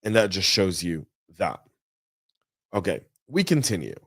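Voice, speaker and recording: A man hosting a news podcast, talking through the stories in a chatty, energetic way with folksy asides. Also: low voice, a little slow, husky, no room sound. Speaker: podcast host. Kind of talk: casual news commentary. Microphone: studio mic.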